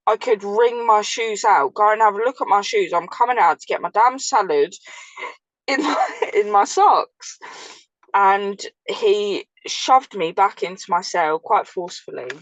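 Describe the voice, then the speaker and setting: This is an English woman sharing a hard story from her past in relaxed conversation. She speaks bluntly and colourfully, with the odd curse thrown in. The recording is close and dry, with no room sound. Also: medium pitch, normal speed, no room sound, lo-fi sound. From England. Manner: blunt, swears freely, vivid. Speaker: guest, former prisoner. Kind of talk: casual storytelling chat.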